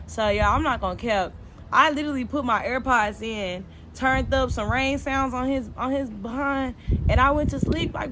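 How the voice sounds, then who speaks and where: Animated young woman telling a storytime. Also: sits high, normal speed, heavy background noise. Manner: animated and expressive, acting out quoted dialogue. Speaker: vlogger. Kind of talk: casual storytime.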